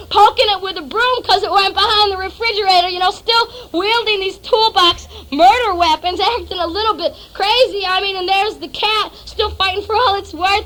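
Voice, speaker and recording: High-voiced profane woman telling a story live. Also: slight background noise. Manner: profane, sardonic storytelling that swings to shouting. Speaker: spoken word performer. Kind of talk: live spoken word monologue. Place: small club stage with a live audience.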